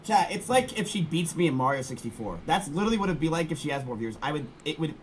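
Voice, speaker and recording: A man's voice: on the high side, sing-song, fast talker, a little hiss or hum, poor audio. A male streamer talking to his chat in a brash, joking way and swearing often.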